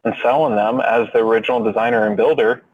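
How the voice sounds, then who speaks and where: A man's voice: lowish voice, steady tone, quick pace, narrow, tinny audio, slight background noise. A man co-hosting a podcast, chatting casually in a wry, skeptical way. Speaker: podcast co-host. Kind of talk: casual chat.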